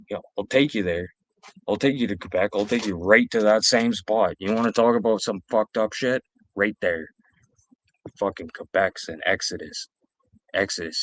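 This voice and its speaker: A man in his forties telling rambling, profane stories alone on a stream, repeating himself. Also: fairly low pitch. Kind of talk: casual storytelling.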